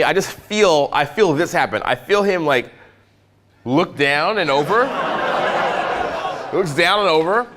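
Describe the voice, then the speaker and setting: Animated, profane male dating coach. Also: a little high. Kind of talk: live seminar talk.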